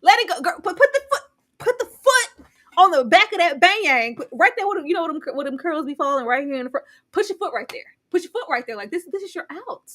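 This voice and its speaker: A woman with a high, swooping voice reacts loudly in a reality TV recap chat. She laughs a lot and sounds openly incredulous. Her tone is bright and sharp. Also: brisk. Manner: loud, animated, laughing, incredulous. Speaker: podcast co-host.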